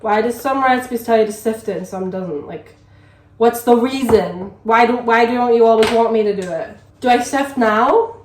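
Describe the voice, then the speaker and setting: A woman's voice: a little high, normal speed, a little hiss or hum. A young woman, chatting casually to camera for a vlog, rambling and full of "like". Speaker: vlogger. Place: home kitchen. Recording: echoey room.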